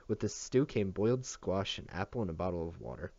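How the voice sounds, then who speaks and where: Deep-voiced man reading a novel aloud. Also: expressive, fairly quick, creaky, mellow, no echo. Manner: plain reading with stumbles and self-corrections. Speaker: audiobook reader. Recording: dull dry lo-fi home recording.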